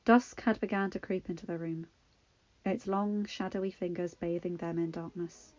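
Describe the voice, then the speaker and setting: A woman reading fanfiction aloud in a measured, expressive narration. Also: on the low side, no room sound. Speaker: fanfiction reader. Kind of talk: audiobook-style story reading. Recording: dull lo-fi recording. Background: faint music.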